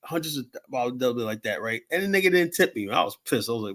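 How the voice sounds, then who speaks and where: A man's voice: mid-range voice, quick pace, hardly any pauses, fairly bright tone. A man in his fifties telling rambling stories in casual talk, swearing freely and full of fillers and restarts. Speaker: show host telling stories.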